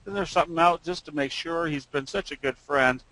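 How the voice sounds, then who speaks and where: A man's voice: on the high side, a little fast, bright, forceful tone, pitched above the performer's own voice, poor audio. A man voicing a distraught elderly woman in a told joke, with a pleading way of talking. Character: elderly woman distraught over pet bird.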